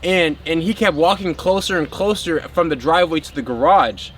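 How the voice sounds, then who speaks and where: Talking at normal speed, the man has a higher-side, fairly bright voice, with slight background noise present. He's a spiritual vlogger chatting casually to his audience as a group, wandering off track and leaning on filler words.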